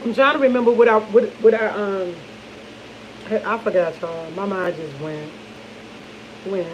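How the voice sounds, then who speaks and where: A woman's voice: medium pitch, measured pace, dull audio, background noise. A woman chatting over morning coffee to her viewers, rambling and laughing, often losing her train of thought. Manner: loose and chatty, speaks to viewers as y'all. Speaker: vlogger. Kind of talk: casual morning chat to camera.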